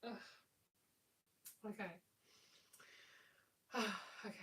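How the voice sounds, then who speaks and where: A woman's voice: medium pitch, takes it slowly, gravelly, pauses often, fairly bright tone, far from the mic, low-quality recording. A tired woman giving a live tarot reading in a chatty, rambling, affectionate way. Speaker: tarot reader.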